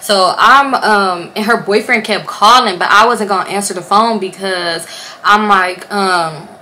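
A young woman vlogger telling a storytime to her camera at home, casual and animated, swearing freely and acting out what people said. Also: mid-range voice, measured pace. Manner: animated, swearing, acts out quotes. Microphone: camera or phone on a stand.

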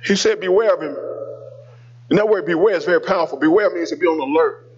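A man's voice: fairly high pitch, very fast, dull audio, slight background noise. A male pastor preaching a sermon, telling a personal story in a conversational way and calling out to the congregation.

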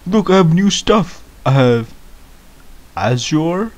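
A man giving excitable, baffled gameplay commentary as a first-time gamer, laughing often. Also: medium pitch, measured pace, dull audio.

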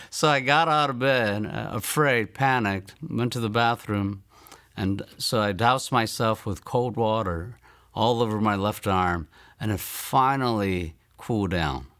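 A man in his fifties from Maryland, telling a personal testimony in earnest storytelling, often trailing off softly at phrase ends. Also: on the low side, slow pace. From Maryland, United States. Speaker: guest giving a testimony.

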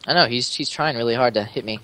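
A man chatting casually during a game with friends, excitable and quick to laugh and exclaim. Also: mid-range voice. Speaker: gamer. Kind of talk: casual gameplay chat.

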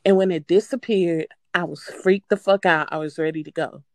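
A woman calling in to a show, telling a story in a casual, animated way, swearing freely and breaking into nervous laughter. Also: lowish voice, normal speed, no echo. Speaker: caller.

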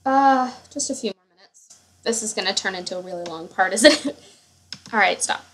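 A woman's voice: medium pitch, normal speed, a bit bright, slight background noise. A woman giving casual gameplay commentary, gushing and rambling with many fillers as she shows her household. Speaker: gamer showing her household.

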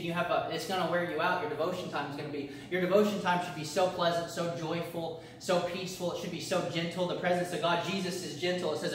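A man leads a church discipleship class in an earnest, repetitive preaching cadence, circling back and restarting his phrases. His voice sits fairly high. The sound comes from a distant mic in a very echoey room. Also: a bit bright, slight background noise. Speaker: pastor.

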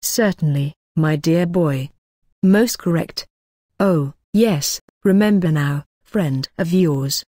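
A tipsy, mocking gentleman rambles in ornate, oily phrases, as a woman reads him. The voice sits fairly low. It is recorded close and dry. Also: takes it slowly, no echo. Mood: rambling. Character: drunk rambling older gentleman, sly and mocking. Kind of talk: audiobook character reading.

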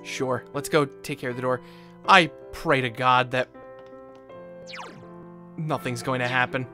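A woman hosting a let's play, giving casual gameplay commentary in an expressive, jokey way and getting spooked easily. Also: a bass voice, unhurried, faint music behind.

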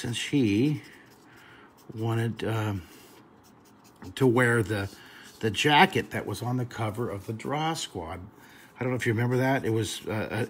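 A man's voice: on the low side, slight background noise. Rambling, chatty middle-aged man. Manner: rambling, chatty, full of fillers and restarts. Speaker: drawing instructor. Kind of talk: casual storytelling during a drawing lesson.

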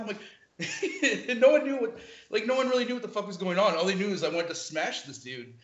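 A man's voice: high voice, fairly quick. A man telling band stories in casual talk, swearing freely and laughing often. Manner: profane, animated, laughs often. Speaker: guest musician. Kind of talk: casual storytelling. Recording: echoey lo-fi room recording.

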